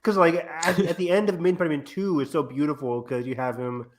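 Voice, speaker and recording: A man co-hosting a casual movie review podcast, talking in an animated way with lots of filler "like". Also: a little high, fast talker. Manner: animated, piles on "like", full of fan enthusiasm. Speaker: podcast co-host.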